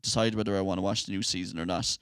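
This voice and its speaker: A man's voice: sits low, steady tone, rapid-fire, fairly bright tone, clean tone, no room sound, clean studio sound. An Irish man co-hosting a casual podcast, teasing his friend with a playful quiz. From Ireland. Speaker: podcast co-host. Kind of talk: casual chat.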